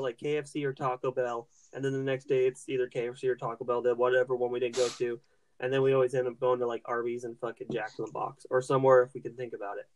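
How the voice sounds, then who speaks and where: A man's voice: medium pitch, slight background noise. A young man hosting a podcast, telling a rambling, swear-heavy story with lots of restarts and fillers. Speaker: podcast host. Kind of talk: casual profane storytelling.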